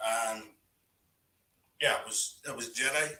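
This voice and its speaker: A guest storyteller on a live voice chat, this man rambles slowly through loose, casual tales in a bright, sharp-edged, mid-range voice. Seated back from the mic, he sounds distant in a roomy, echoing space, and his looping sentences are packed with "you know" and "right".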